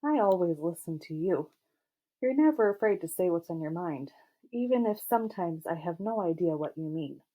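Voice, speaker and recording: A woman voicing a gentle, earnest teenage boy football star in an audiobook, speaking softly and with some hesitation. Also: on the low side, lively intonation, moderate pace. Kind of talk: audiobook character voice.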